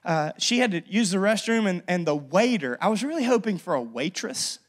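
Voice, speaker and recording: A man's voice: sits high, lively intonation, a little fast. A young man, a pastor, preaching a sermon and telling a personal story with lots of energy, often restarting his sentences.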